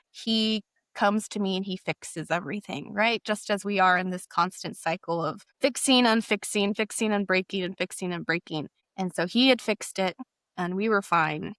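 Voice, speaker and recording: A woman's voice: medium pitch, fairly bright tone, dry recording, studio quality. A young adult woman sharing a personal story in a candid, hesitant way, with frequent fillers and self-corrections.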